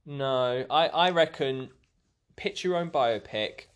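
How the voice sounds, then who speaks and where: A man's voice: mid-range voice, takes it slowly, smooth. A man with an ordinary mid-range voice takes part in a casual comedy chat. He cuts in to set the rules and keep things moving. His tone is plain and conversational.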